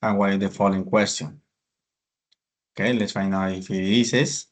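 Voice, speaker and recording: A man's voice: sits low, fairly even intonation. Hesitant man walking through exercises. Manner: halting, with restarts and hesitant fillers. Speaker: class presenter. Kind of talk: explaining exercises in an online class.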